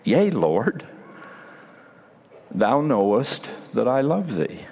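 A man preaching speaks Peter's answers in a quiet, low, solemn voice, in a hall with a long echo. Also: sing-song, very slow, gravelly, slight background noise, heavily acted. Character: Peter, a grown fisherman, humble and sincere.

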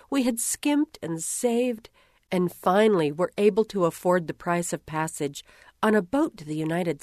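A woman reading a first-person story aloud in a measured, gentle way. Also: lowish voice, no echo, studio quality. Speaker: reader.

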